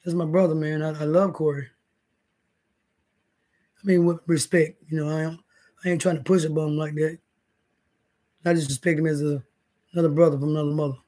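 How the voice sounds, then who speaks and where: A man's voice: a little high, flat delivery, a little fast, long pauses, warm tone. A man hosting a casual livestream from his bed, rambling and swearing as he talks to viewers in the chat. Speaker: livestream host. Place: indoors, in bed.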